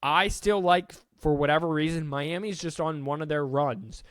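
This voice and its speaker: A man's voice: on the high side, normal speed, fairly bright tone, dry recording. A man hosting a casual solo sports podcast, chatty and self-deprecating, stumbling now and then over names.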